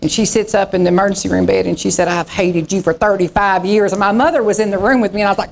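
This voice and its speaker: A woman's voice: medium pitch, steady tone, fast, vocal fry, few pauses, slight background noise, low-quality recording. A woman pastor in her sixties, preaching in a folksy storytelling way and acting out the voices in her stories. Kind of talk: sermon.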